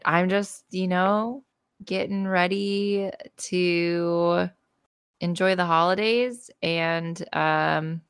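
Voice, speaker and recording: A woman co-hosting a podcast, chatting casually in a relaxed, teasing way. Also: low voice, vocal fry, clear, resonant tone, no room sound, studio quality. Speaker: podcast co-host. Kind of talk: casual chat.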